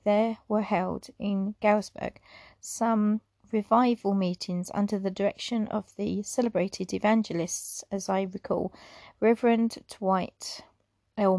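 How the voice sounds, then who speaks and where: A woman's voice: mid-range voice, creaky, dry recording. Woman reading a memoir aloud, dry sound. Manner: stumbles over words and apologizes, reading on; unscripted asides with soft laughs. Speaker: reader.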